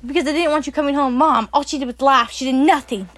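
A woman's voice: sits high, fast talker, fairly bright tone. A woman co-hosting a casual podcast, laughing helplessly through her story. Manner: laughs helplessly, giggly and breathless. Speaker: podcast co-host. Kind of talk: casual chat.

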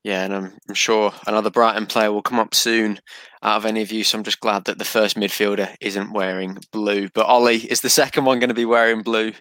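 A man's voice: lowish voice, little pitch movement, fairly quick, a bit bright, no room sound. A man hosting a casual podcast, steering the conversation from pick to pick. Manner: leads the picks, steers the talk. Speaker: podcast host. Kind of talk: casual chat.

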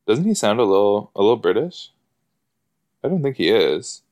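A man giving casual, excitable commentary while watching an episode, chatty and full of fillers and gasps. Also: fairly low pitch, moderate pace, long pauses. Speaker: podcast host reacting to an episode.

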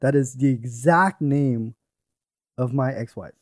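A man's voice: medium pitch, no echo, clean studio sound. A man co-hosting a podcast in casual chat, joking and swearing freely, often cutting in with questions. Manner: joking, profane, quick to interrupt. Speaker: podcast co-host.

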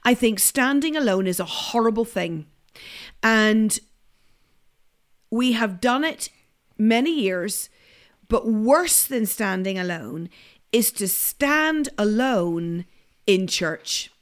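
A woman's voice: medium pitch, lively intonation, takes it slowly, long pauses. Chatty woman in her forties. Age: 40s. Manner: chatty, laughing, emphatic when preaching. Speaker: podcast co-host. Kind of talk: casual chat, faith podcast.

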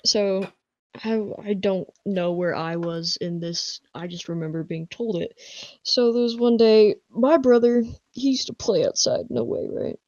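A woman's voice: medium pitch, measured pace, darkish tone, no room sound, dull audio. A young woman co-hosting a podcast, telling stories animatedly and laughing often. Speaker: podcast co-host. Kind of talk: casual chat. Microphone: online voice call.

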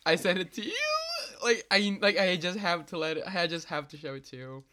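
A young woman co-hosting a casual podcast, giggly and teasing, with bursts of excitement. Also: on the low side, a little fast. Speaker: podcast co-host. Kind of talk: casual chat.

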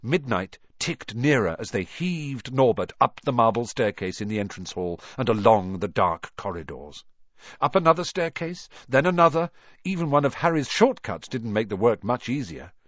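Lively male storybook reader. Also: mid-range voice, normal speed, dry recording. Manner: expressive, lively delivery. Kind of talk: storybook reading. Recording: dull dry recording.

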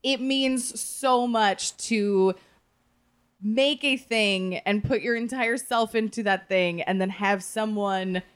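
A woman co-hosting a podcast, talking in an earnest, emotional, halting way in casual chat. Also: medium pitch, smooth. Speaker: podcast co-host.

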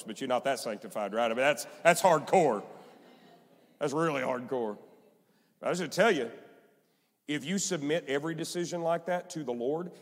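A male pastor preaching a sermon, emphatic and repetitive, in a church sanctuary. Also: on the high side. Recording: long hall reverb.

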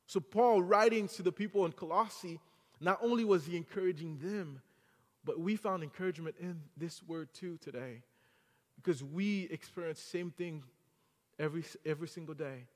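High-voiced preacher man in a reverberant hall. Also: moderate pace. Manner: earnest, building emphasis. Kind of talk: sermon.

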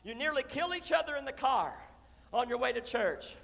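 Man, pastor, high bright voice, impassioned sermon, hushed to shouting, long church-hall reverb. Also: very animated, normal speed, vocal fry. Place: church sanctuary.

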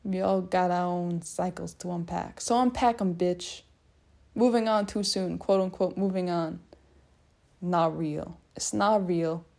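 A woman's voice: lowish voice, steady tone, a little slow, creaky, a little mellow. A young woman rambling through a personal monologue, musing and self-mocking as she talks in loose circles. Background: people faintly heard in the hallway.

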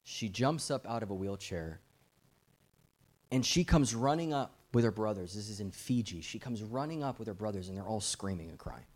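A man's voice: on the low side, expressive, moderate pace, darkish tone. A middle-aged man preaching a fervent, urgent sermon as a guest preacher, his volume swelling and dropping as he presses his points.

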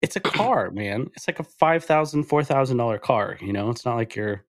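A man co-hosting a casual chat, recounting a story with lively acted-out quotes. His voice sits at a middle pitch and sounds dry and close. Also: moderate pace, no room sound. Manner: animated storyteller acting out quotes. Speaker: podcast co-host.

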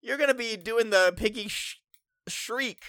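A man's voice: extremely high pitch, a little slow, sharp tone, dry recording, clean studio sound. A young man co-hosting a podcast, joking and teasing his friend in casual banter. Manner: teasing, giggly, goofy. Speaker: podcast co-host.

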